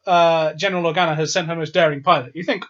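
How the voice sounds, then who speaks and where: Un uomo parla in fretta di un film, divagando ed esitando fra le sue opinioni. La voce arriva opaca, con un suono lo-fi. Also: male voice, a little high, fairly even intonation, a bit bright. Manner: quick, rambling, hedging. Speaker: film reviewer co-host. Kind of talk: casual film review chat. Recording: dull lo-fi sound.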